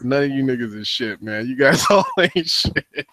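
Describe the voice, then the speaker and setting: A man's voice: mid-range voice, lively intonation, moderate pace, bright, forceful tone, no echo. Laid-back man on a dry mic. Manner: laid-back, laughing, profane storytelling. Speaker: podcast host. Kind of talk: casual comedic chat.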